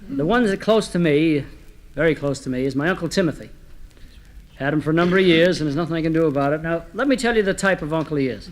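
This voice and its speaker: A man telling comic stories, delivering one-liners with a deadpan manner. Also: fairly high pitch, fast talker. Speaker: comedian. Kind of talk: comic storytelling.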